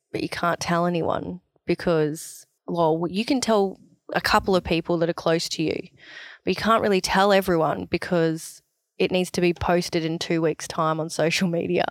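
A young Australian woman, an athlete, telling her story in a chatty, animated way, full of "like" and quoted dialogue. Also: fairly low pitch, no echo, studio quality. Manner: chatty, animated, quoting herself with "like". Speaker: athlete interviewee. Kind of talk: casual storytelling interview.

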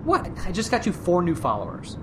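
A man's voice: high voice, wildly swooping pitch, brisk, slight background noise. Easygoing man co-host. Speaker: podcast co-host. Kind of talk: improvised comedy sketch.

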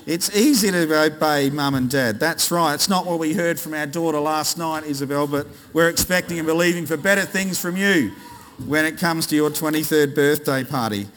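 Australian male pastor, bright high voice, playful with the congregation, sermon in a long-echo hall. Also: normal speed, a little hiss or hum. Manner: jokey, quizzes the congregation. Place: large church hall. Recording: reverberant church hall.

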